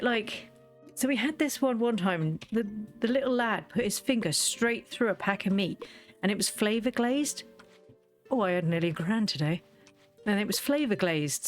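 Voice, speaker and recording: A woman, chatting casually while she plays a game and tells stories in a lively way. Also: on the high side. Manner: chatty storytelling, lively quoted asides. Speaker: gaming video creator. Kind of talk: casual chat while playing.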